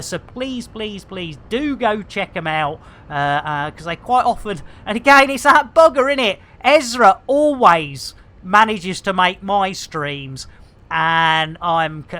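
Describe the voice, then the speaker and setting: Middle-aged woman streamer, jokey slangy chatter, unhurried delivery, bright voice. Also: medium pitch. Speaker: game streamer. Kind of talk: casual live-stream chatter.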